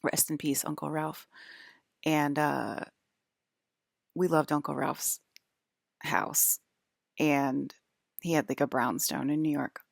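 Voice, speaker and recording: Low, gravelly-voiced woman rambling. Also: fairly even intonation, slow, long pauses, dry recording, clean studio sound. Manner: rambling, hesitant, many fillers. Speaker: vlogger. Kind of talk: casual rambling monologue.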